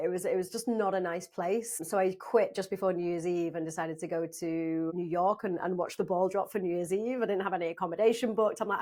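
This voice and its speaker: A woman in her thirties from South Africa, a podcast guest telling travel stories in a lively way, laughing often and acting out what people said. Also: medium pitch, fairly quick, hardly any pauses. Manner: lively storyteller, laughs often, acts out quotes. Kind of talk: casual interview chat.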